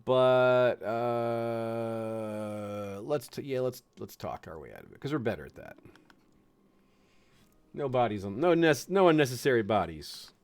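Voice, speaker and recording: A man's voice: mid-range voice, lively intonation, unhurried, darkish tone, smooth. A man from the United States giving chatty, chuckling commentary on a strategy game, fond of puns. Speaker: game streamer.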